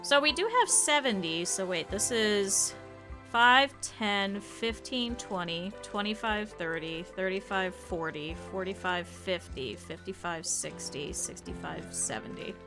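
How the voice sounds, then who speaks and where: A woman's voice: mid-range voice, unhurried, music in the background. A woman streamer giving live gameplay commentary, chatty, laughing often and talking to her game characters and chat.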